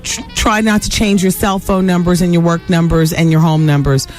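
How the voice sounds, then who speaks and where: A woman's voice: on the low side, level tone, normal speed, soft background music. A woman hosting a radio talk show, chatting candidly with callers and listeners and laughing easily.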